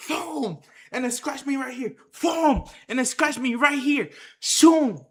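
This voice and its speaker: A vlogger excitedly telling a story straight to viewers, full of slang and shouted sound effects like "boom". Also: fairly quick, roomy sound. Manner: slangy, addresses the audience directly.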